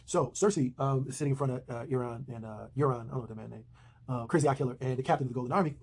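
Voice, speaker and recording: A man's voice: medium pitch, racing, darkish tone, husky. A man giving a slangy, rambling casual recap of a TV episode from home. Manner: slangy, rambling retelling with fillers.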